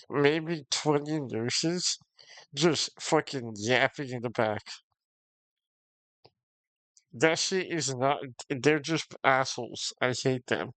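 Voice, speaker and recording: A man's voice: on the high side, a bit bright, no room sound. A man streaming games, ranting casually to his chat, swearing often, frustrated, and breaking into short laughs. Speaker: game streamer.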